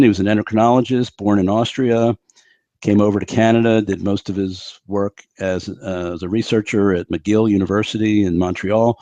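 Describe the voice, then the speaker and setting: Older male doctor guest, chatty and lively, dry recording. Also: fairly low pitch, dry recording. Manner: animated storytelling with restarts. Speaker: physician guest. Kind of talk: interview conversation.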